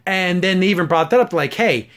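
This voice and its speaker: High-voiced man reviewing a show. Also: fast. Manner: animated, laughs while retelling scenes. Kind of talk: casual review chat.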